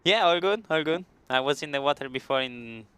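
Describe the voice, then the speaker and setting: Bright-voiced young man. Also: on the high side, expressive, brisk, smooth. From Italy. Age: young adult. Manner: laughs often, short friendly answers. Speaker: guest athlete. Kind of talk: casual interview chat.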